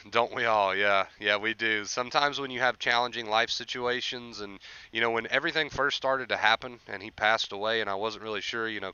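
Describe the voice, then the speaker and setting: A man's voice: mid-range voice, pushed and bright, clear, resonant tone, dry recording, lo-fi sound. A young man hosting a casual livestream, encouraging viewers about anxiety recovery and reading chat aloud.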